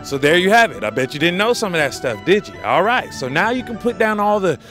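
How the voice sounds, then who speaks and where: A man's voice: high-pitched, sing-song, brisk, a bit bright, soft background music. Playful, teasing street interviewer man. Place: outdoors on a street.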